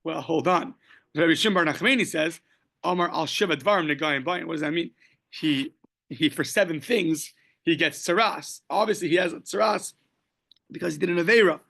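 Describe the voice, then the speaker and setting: A man's voice: on the high side, a little fast, gravelly, a bit bright. A man teaching a daily Talmud class, explaining the text step by step, quoting Aramaic and Hebrew phrases and joking lightly along the way. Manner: casual, joking asides.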